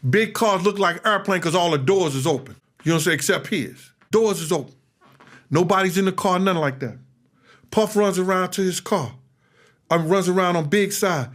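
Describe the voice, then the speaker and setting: Animated man telling a story. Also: brisk. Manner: animated, acts out other people's lines with big jumps in pitch. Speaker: former bodyguard recounting events. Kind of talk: storytelling in an interview clip.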